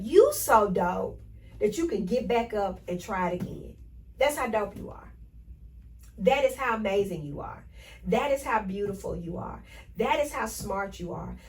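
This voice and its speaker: Energetic woman podcast host, slightly distant. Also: mid-range voice. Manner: energetic, preachy, repeats affirmations. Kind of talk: motivational podcast talk.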